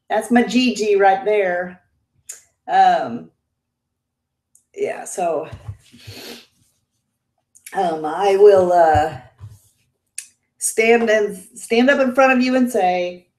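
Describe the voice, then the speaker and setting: A woman's voice: medium pitch, darkish tone, roomy sound. Chatty mature woman hosting a livestream. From Indiana, United States. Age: 50s. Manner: chatty and emotional, laughs often. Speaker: beauty livestream host. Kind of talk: casual livestream chat, reading viewer comments.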